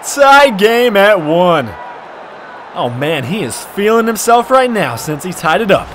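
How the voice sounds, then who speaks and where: A man with a very high, bouncing voice narrates his own football video game match, shouting and trash-talking as the plays unfold. His pitch swings widely, and a faint hiss sits under the recording. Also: sing-song, unhurried, some chatter behind. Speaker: gaming commentator. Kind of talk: excited gameplay commentary.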